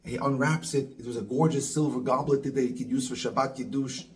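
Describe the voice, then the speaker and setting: A man, a rabbi and dating coach, telling a moral story and acting out the quoted lines in lively voices. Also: medium pitch, brisk, poor audio.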